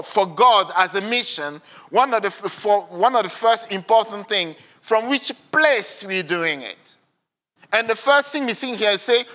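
Bright-toned man preaching a sermon. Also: high-pitched. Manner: earnest, swings between hushed and emphatic.

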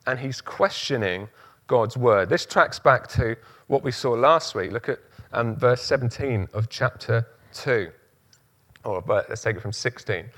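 A man's voice: medium pitch, a bit bright. A man preaching a sermon, using emphatic repetition and rhetorical questions.

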